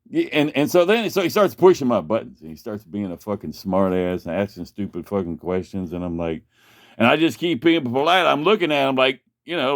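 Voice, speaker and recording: A man's voice: medium pitch, very animated, normal speed, vocal fry. A man casually telling a long personal story, rambling and profane, with many restarts. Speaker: vlogger.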